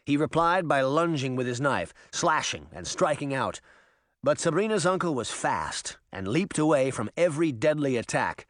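A man reads an adventure story aloud with lively, dramatic swings in his voice. His pitch sits a little high, and the recording is dry and close. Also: normal speed, no echo. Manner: dramatic, animated reading. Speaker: audiobook narrator. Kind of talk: expressive audiobook narration.

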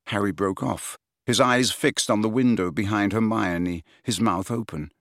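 A man reading a novel aloud as narrator, with expressive delivery. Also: on the low side, a little slow, hardly any pauses, no room sound, studio quality. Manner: expressive reading, many character voices. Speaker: audiobook narrator. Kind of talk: scripted narration.

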